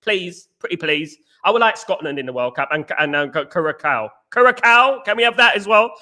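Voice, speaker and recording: Young english guy doing a footy live stream, really bright high voice, keeps repeating himself. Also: fairly quick. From England. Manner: animated, repeats phrases, greets chat viewers. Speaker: host. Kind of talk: live-stream football chat.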